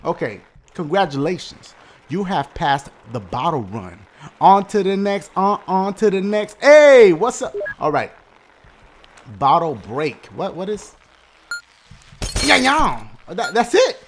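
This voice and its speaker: Young man, gaming commentary, wild swings in pitch, faint hiss behind. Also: very animated, slow. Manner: hyper, swears a lot, shouts and laughs often. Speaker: gaming YouTuber. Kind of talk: loud gameplay commentary.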